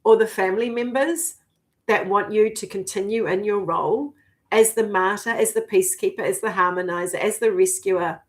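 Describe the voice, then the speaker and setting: A woman in her fifties, a spiritual coach speaking in a vlog monologue, emphatic and profane, dropping to hushed whispers between loud declarations. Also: medium pitch, normal speed. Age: 50s.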